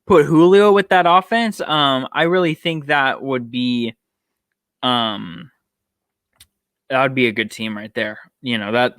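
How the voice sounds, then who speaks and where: A man's voice: mid-range voice, vocal fry, fairly bright tone, no room sound, studio quality. A man hosting a solo sports podcast, a bit tired, rambling and thinking aloud with frequent ums. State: tired, yawning. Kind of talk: casual solo sports talk.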